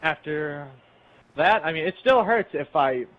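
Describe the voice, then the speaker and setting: A man's voice: on the high side, expressive, a little slow, fairly bright tone, rough recording. A young man casually telling a rambling, profane story while playing a game with friends. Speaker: channel host.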